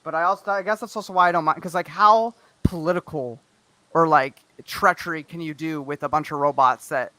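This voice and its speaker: A man chatting casually about books and films, arguing his point quickly with many restarts. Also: fairly high pitch, pushed and bright, no echo. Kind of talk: casual chat.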